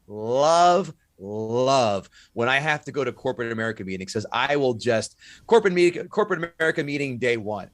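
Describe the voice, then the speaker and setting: A man's voice: medium pitch, a bit bright, no room sound. A man guesting on a podcast as a comedian, chatting casually and ranting with profane comic jabs. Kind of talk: casual chat.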